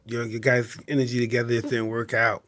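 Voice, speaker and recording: A man's voice: medium pitch, little pitch movement, quick pace, a bit bright. A man hosting a podcast in casual chat, blunt and profane, laughing along with his guest. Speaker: podcast host.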